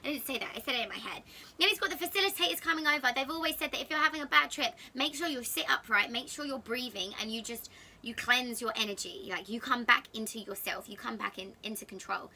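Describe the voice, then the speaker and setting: A young woman, telling a personal story to camera in a chatty, candid and expressive way, sitting on a sofa at home. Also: a little high, quick pace. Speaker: vlogger.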